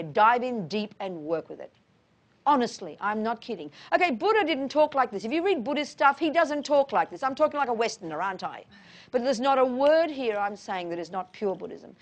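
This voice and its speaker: A middle-aged woman talks bluntly and emphatically, answering an audience's questions about Buddhist practice. She slips endearments such as darling and honey into her points. Her voice sits a little high for a woman. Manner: frank, emphatic, calls listeners darling and honey. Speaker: Buddhist teacher. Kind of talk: informal dharma talk answering questions.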